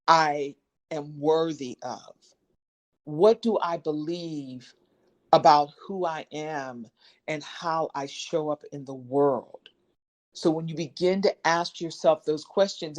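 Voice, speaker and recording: Woman, motivational guest facilitator on a video call, lower voice, affirming and repetitive. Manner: encouraging, affirming, repeats key phrases. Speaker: guest speaker leading a support session. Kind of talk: motivational workshop talk.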